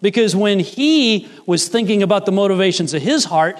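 A man's voice: normal speed, few pauses. Earnest man preaching in a reverberant hall. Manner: earnest, rises in pitch when quoting Jesus and Peter. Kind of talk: sermon.

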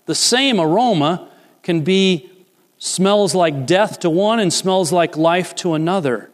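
A man preaching a sermon, animated and playful, acting out short voices of characters as he teaches. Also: sits high, takes it slowly, in a large hall. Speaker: pastor.

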